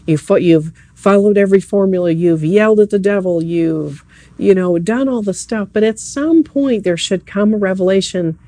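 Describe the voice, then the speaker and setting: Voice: mid-range voice, normal speed, dark tone, no room sound. A preacher giving a sermon at an evening church service, speaking earnestly and conversationally and addressing the listeners directly.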